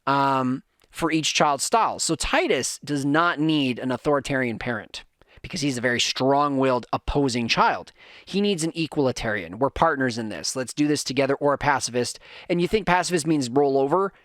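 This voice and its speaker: A man's voice: fairly high pitch, fairly bright tone, dry recording, clean studio sound. A man in his thirties hosting a podcast, telling a rambling, self-correcting story in a casual rant that acts out his kids' voices. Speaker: podcast host.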